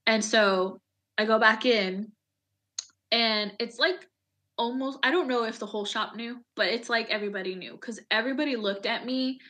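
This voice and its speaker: A woman's voice: a little high, moderate pace, pushed and bright. A woman Army veteran in an interview, telling a painful personal story candidly, with many fillers. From United States.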